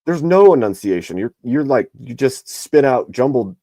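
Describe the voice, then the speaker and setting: A man's voice: mid-range voice, sing-song, normal speed, warm tone, no room sound, clean studio sound. A man teasing his friends on a live stream panel, exclaiming, swearing and laughing.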